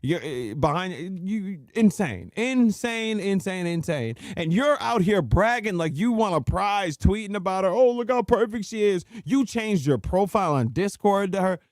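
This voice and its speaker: A man hosting a live stream, delivering a mocking, slang-filled rant and pausing to greet viewers. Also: high voice, no room sound, clean studio sound. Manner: animated, slangy, mocking rants; laughs and interrupts himself to greet viewers. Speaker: livestream host. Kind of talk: live stream reaction commentary.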